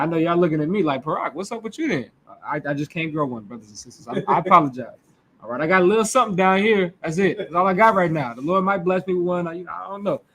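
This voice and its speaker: A man's voice: a little high, a bit bright, slight background noise. A man with a Midwestern American accent preaching a conversational sermon, talking casually with his listeners and often restarting his sentences. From United States. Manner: loose and informal, talks back and forth with the congregation, frequent restarts.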